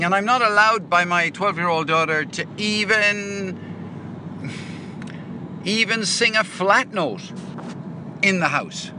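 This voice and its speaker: A man's voice: fairly high pitch, background noise. A middle-aged man, host of a podcast, chatting casually in a voice message and rambling with many fillers.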